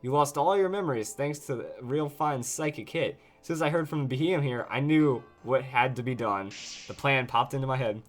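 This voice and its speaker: A man's voice: medium pitch, fairly quick, faint music behind, close to an everyday voice. A man voicing a scheming male grass creature with a Southern US drawl, reading a video game's lines aloud. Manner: folksy, sly twang.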